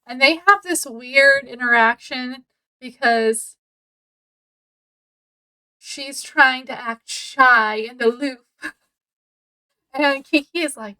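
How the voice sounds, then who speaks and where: A woman's voice: high voice, slow pace, pauses often, pushed and bright, low-quality recording. A woman reviewing a book in a casual, chatty way, laughing often as she retells it. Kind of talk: casual chat.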